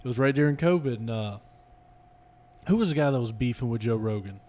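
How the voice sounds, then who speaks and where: A man's voice: mid-range voice, expressive, fairly quick, mellow. A man on a casual comedy podcast, telling crude jokes in a loose, laughing way. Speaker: podcast host.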